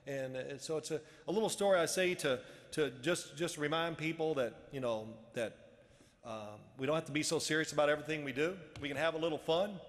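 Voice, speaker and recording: Speaking fairly quickly in a high-leaning voice, a man gives a relaxed motivational speech in a luncheon event hall, with a long reverb tail trailing his words. He tells a rambling story and keeps starting over.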